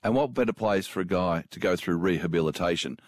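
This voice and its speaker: A man, a podcast co-host, trading dry teasing one-liners and deadpan asides. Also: low voice, fairly quick, no room sound.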